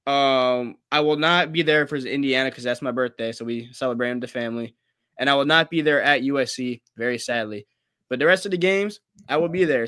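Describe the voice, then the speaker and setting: Young male co-host, smooth and bright, opinionated and animated. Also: medium pitch, dry recording, studio quality. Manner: animated, opinionated, casual slang. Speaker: co-host and student sports writer. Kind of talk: casual sports talk.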